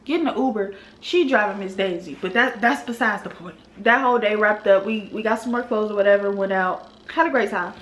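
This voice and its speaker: A young woman vlogger telling a storytime in an animated, exasperated way, full of casual slang. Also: mid-range voice. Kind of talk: storytime vlog. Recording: roomy echo.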